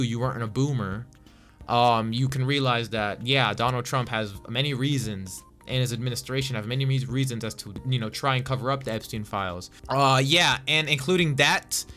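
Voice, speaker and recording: Profane young man ranting, bright voice. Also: mid-range voice, normal speed, soft background music. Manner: profane, heated, stammering restarts. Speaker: political vlogger. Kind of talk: casual political rant.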